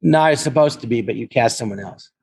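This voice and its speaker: A man's voice: medium pitch, quick pace, vocal fry, a little mellow, husky. A male comedian chatting on a podcast, trading wry, teasing comebacks. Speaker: comedian co-host. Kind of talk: casual podcast chat.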